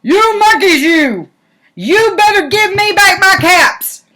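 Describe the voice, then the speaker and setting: A woman voicing an angry old male cap peddler, scolding and shouting in a storybook reading. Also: very high voice, lively intonation, takes it slowly, voice pushed up, heavily acted.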